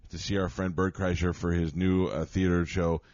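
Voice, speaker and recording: A man's voice: sits low, level tone, normal speed, a little mellow, dry recording, dull audio. A man hosting a radio show, joking loosely and plugging upcoming events. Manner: loose, joking host patter. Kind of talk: casual banter and show plugs. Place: cruise ship cabin.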